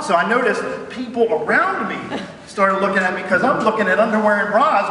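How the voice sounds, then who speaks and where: A middle-aged man, a guest speaker, telling an animated story to an audience and acting out phone calls. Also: sits high, moderate pace. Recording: echoey hall, mic far off.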